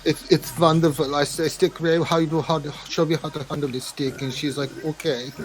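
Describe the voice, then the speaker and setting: A man's voice: a little high, flat delivery, a little fast, close to an everyday voice, low-quality recording. A man putting on a mock German accent to play a leering, pompous sleazy character during a casual gaming chat. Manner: lewd, over-the-top put-on accent. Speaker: co-host.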